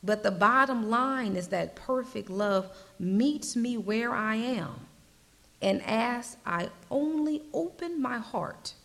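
Slow, earnest woman preaching with a gravelly voice. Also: mid-range voice. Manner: slow, earnest preaching, dropping to soft whispers. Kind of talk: sermon.

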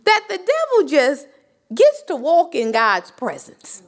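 A woman with a high voice whose pitch swoops wildly teaches a sermon slowly and conversationally. As a Bible teacher, she poses rhetorical questions and builds passionate rises that climb almost to cries.

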